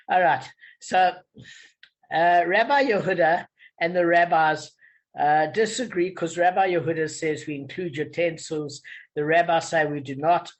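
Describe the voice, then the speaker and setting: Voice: mid-range voice, unhurried, poor audio. A person leading a casual study session, explaining step by step with many fillers. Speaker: study leader. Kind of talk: casual teaching.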